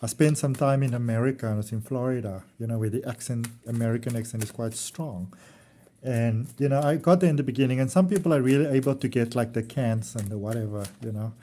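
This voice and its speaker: A warm, mellow-voiced man, reading tarot for his viewers. He talks in a chatty, wandering way, affectionate and quick to chuckle, with his pitch sitting right in the middle for a man. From South Africa. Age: early 40s. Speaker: tarot reader. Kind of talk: casual tarot reading vlog.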